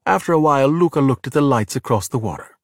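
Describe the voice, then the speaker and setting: A man narrating a children's storybook in an expressive, animated way. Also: mid-range voice, quick pace, dry recording, studio quality. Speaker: audiobook narrator. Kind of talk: storybook reading.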